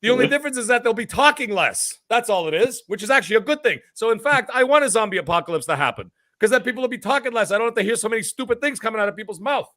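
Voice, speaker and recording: A man's voice: high-pitched, lively intonation, racing, hardly any pauses, bright, forceful tone, no room sound, clean studio sound. A man co-hosting a gaming podcast in a brash, profane, mocking comedic persona. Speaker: podcast co-host. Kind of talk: comedic in-character banter.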